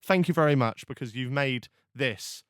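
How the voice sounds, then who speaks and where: A man's voice: mid-range voice, normal speed, a bit bright, clear, resonant tone, no room sound, clean studio sound. A young man hosting a podcast, telling stories animatedly with swearing and many restarts. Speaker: podcast host. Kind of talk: casual podcast chat.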